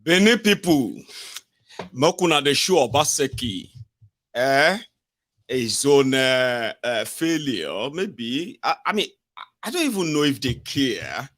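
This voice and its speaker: Nigerian guy chatting politics, lots of uhs and pidgin bits, regular-pitched voice. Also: sing-song, slow pace, a bit bright. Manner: rambling, with many fillers and pidgin asides. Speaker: political commentator. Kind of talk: casual commentary.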